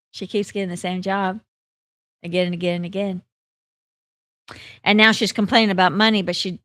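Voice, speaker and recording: A woman's voice: medium pitch, dry recording, clean studio sound. A woman life coach and hypnotherapist talking casually and candidly, telling stories to her audience. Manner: candid, chatty storyteller.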